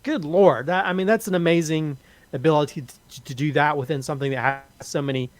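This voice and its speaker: A man on a casual podcast reviews a film with open emotion, stumbling and restarting as he talks. His voice sits a little high for a man. The sound is close and dry, with no room echo. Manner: halting, with many restarts and repeated words; openly emotional, moved to tears.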